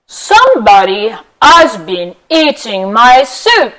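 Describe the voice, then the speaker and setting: A woman putting on a big papa bear from a storybook, slow and emphatic, with a loud, lively voice. The bear's complaints swing widely in pitch. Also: full character voice, poor audio. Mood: indignant.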